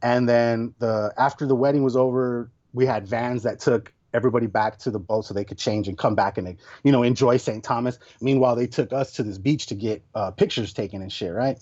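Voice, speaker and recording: Animated slangy man telling a story. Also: mid-range voice, brisk, hardly any pauses. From Tucson area, United States. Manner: animated, slangy, swears a lot, mimics others loudly. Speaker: podcast guest. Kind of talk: casual storytelling. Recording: dull lo-fi podcast audio.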